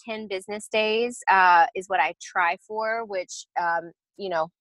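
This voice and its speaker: A woman talks through her design process in a relaxed, conversational way. She explains steps patiently, often pausing with fillers and restarting sentences. Her voice is mid-pitched and recorded dry and close. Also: no room sound, poor audio. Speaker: interior designer. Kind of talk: casual podcast interview.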